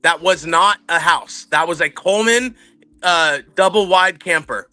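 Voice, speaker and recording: A man's voice: a little high, measured pace, bright, forceful tone, no echo, faint music behind. A man co-hosting a casual livestream chat, rambling through stories and swearing freely. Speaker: livestream co-host.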